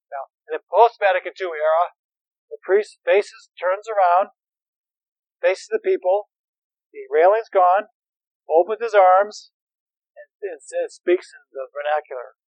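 A man's voice: sits high, unhurried, long pauses, no echo, dull audio. A man who is a priest and therapist, lecturing seminarians in a conversational, anecdotal way with wry humor.

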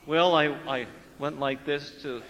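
A priest preaching a sermon, telling a story with lively acted-out dialogue and hushed asides. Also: male voice, on the high side, measured pace, big-room sound, very noisy. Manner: animated storyteller acting out dialogue, dropping to hushed tones.

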